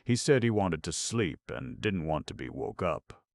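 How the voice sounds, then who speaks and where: A matter-of-fact young hall boy answers every question bluntly, read by a man in a very deep voice. The tone is gravelly and close, with no room around it. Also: very animated, moderate pace, full character voice. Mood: plain. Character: young male hotel hall boy, plain-spoken.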